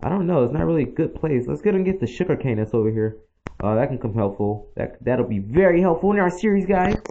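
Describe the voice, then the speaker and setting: A man's voice: fairly high pitch, sing-song, fast, dark tone. A man chatting his way through a game, rambling and addressing his viewers as he goes. The sound is dull and lo-fi, with faint noise underneath. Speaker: gaming channel host. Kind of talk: casual game commentary.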